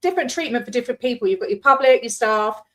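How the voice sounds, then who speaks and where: A woman hosts a casual interview, chatty and quick to joke, with casual swearing in her talk. Her voice sits a little higher than most women's. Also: expressive. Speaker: interview host.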